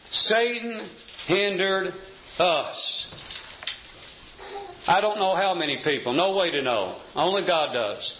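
A man preaching a sermon to a congregation, reading scripture and slowing down to stress key words. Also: sits high, a little hiss or hum. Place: church assembly hall. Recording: echoey, slightly dull church recording.

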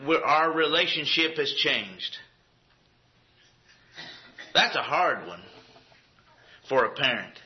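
A man preaching a sermon in a folksy, conversational way with acted asides. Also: fairly high pitch. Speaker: pastor. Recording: dull lo-fi recording.

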